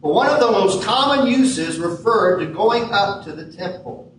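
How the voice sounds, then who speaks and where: A man preaching a sermon as pastor in a church sanctuary, measured and leaning hard on key words. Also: sits high, animated, slight background noise. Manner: measured preaching with emphatic stresses. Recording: echoey hall from far off.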